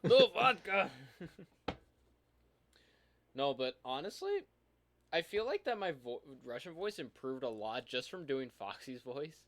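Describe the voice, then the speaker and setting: A man's voice: mid-range voice, sing-song, moderate pace. A young man chatting casually with a friend, reading game reviews aloud and laughing through them. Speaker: YouTuber co-host.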